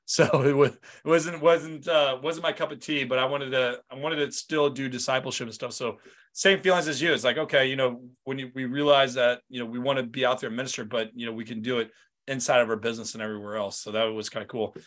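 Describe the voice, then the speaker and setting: A man's voice: mid-range voice, quick pace. Male podcast host, casual and chatty, mid-range voice. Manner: relaxed, chatty, with fillers. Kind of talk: casual interview chat.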